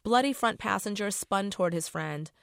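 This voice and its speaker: A woman's voice: mid-range voice, animated, normal speed, no echo, clean studio sound. A middle-aged woman author reading her novel aloud in a casual, profane first-person voice.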